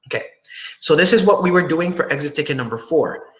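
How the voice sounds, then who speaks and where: A young male teacher speaks over a video call in a fairly high, patient voice, walking students through each step and checking in often. The room sounds echoey, with a faint hiss of noise behind him. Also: animated, a little fast. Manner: patient, explains step by step with frequent "right?" checks. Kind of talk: online class instruction.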